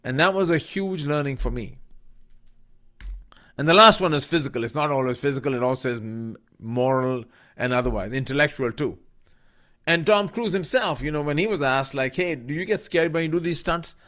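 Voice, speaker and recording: A man's voice: fairly high pitch, moderate pace, a bit bright. A middle-aged man from India telling a personal story in a talk as a professor and author. He tells it vividly, acts out the voices he quotes and leans on plenty of fillers. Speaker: business school professor and author.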